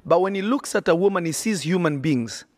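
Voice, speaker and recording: A man's voice: high voice, lively intonation, fairly quick, darkish tone, no echo. A man preaching on a podcast, emphatic and repetitive, often checking that listeners follow. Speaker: prophet and podcast host.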